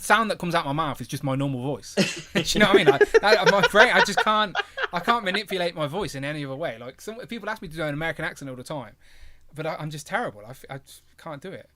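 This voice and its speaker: A man with a somewhat high voice hosts a casual livestream. He talks in a rambling way and laughs at himself a lot. His tone is bright and forceful. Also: animated, rapid-fire. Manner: rambling, laughs often, self-deprecating. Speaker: host of a toy collecting livestream. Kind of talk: casual chat.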